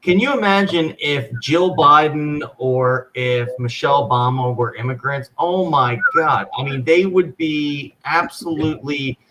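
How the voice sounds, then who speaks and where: A man's voice: a little high, measured pace, hardly any pauses, bright, forceful tone, a little hiss or hum, low-quality recording. A man on a political talk show, scornful and emphatic. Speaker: co-host. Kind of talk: political commentary chat.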